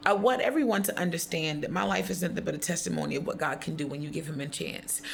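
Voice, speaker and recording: A woman's voice: deep voice, vocal fry, slight background noise. A woman speaking straight to her viewers in an impassioned, defiant faith monologue, reciting affirmations one after another. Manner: defiant and declarative, repeating affirmations. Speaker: vlogger.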